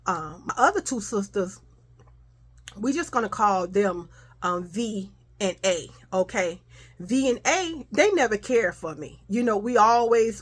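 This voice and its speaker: A middle-aged woman with a medium-pitched, fairly bright voice tells a personal story in casual conversation. She's chatty, calls her listeners "y'all," and acts out the voices and quotes.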